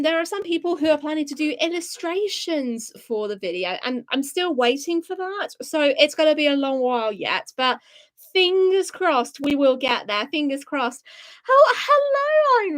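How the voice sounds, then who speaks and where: Young woman, high bright voice, bubbly live-stream host who reads out chat. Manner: bubbly, reads chat comments aloud, excitable gasps.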